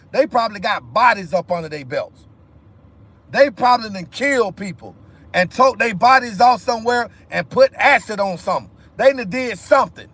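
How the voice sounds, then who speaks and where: A man's voice: very high-pitched, fairly bright tone. A man ranting heatedly on a livestream, repeating himself with profanity. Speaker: livestream host. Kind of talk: angry livestream rant.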